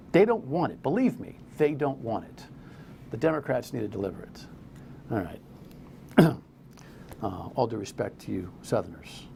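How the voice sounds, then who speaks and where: A middle-aged man from New Jersey hosting a talk radio show, blunt and rambling, his pitch jumping up when he gets worked up. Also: vocal fry, darkish tone, a little hiss or hum.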